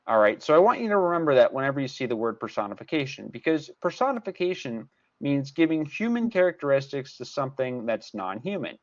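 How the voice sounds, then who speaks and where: Male tutor, animated and emphatic, repeats key points; muffled lo-fi class audio. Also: mid-range voice, fast talker. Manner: repetitive, emphatic teacher explaining step by step. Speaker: math tutor. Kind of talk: recorded class lesson.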